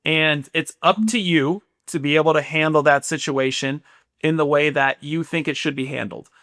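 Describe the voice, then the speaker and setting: A man in his thirties co-hosting a podcast, talking in an easygoing, agreeable, measured way as a former player. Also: fairly high pitch, fairly even intonation, fairly bright tone, no echo, clean studio sound. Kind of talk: casual chat.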